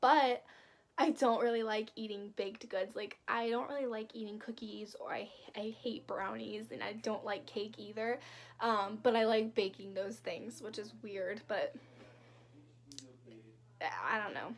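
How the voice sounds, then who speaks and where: A woman's voice: mid-range voice, a little slow. A young woman vlogging in a casual, rambling way, full of "like"s and restarts. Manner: chatty, rambling with many "like"s and restarts. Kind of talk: casual chat.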